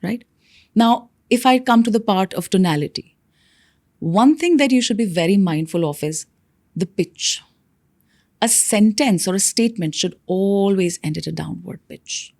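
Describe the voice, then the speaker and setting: A young woman explains how to speak as a guest coach. She keeps pushing her pitch up and down to act out examples. Her tone is patient and instructive. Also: normal speed, creaky, a little mellow, dry recording, studio quality. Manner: demonstrative, swings pitch up and down to show examples. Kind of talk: instructive interview answers.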